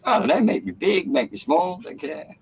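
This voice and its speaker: A man's voice: high voice, sing-song, moderate pace, vocal fry, darkish tone, slightly rough, rough recording. A man with an Australian accent calling in as a guest, rambling and joking with some swearing. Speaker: guest caller. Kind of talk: casual chat.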